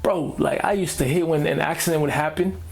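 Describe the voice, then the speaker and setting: A man's voice: a little high, steady tone, a little fast, vocal fry. A man hosting a reaction video, ranting casually in slang and repeating himself as he talks.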